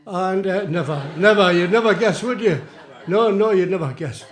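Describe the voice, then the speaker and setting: A man in his eighties with a Geordie accent softened by years in London, chatting and telling self-mocking jokes between songs as a folk singer on a small theatre stage. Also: high-pitched, normal speed. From Tyneside, England. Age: 80s. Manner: chatty, rambling, self-mocking joke teller. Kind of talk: live folk club patter between songs. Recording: roomy live theatre sound.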